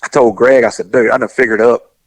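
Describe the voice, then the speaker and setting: Man spinning a lively yarn. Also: mid-range voice, fairly quick, no echo. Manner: animated, acts out the dialogue in his story. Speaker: guest telling a story. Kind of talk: casual storytelling chat.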